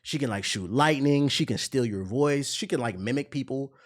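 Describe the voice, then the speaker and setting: A man's voice: mid-range voice, moderate pace. A young man streamer ranting in casual, profane commentary, now and then mocking voices.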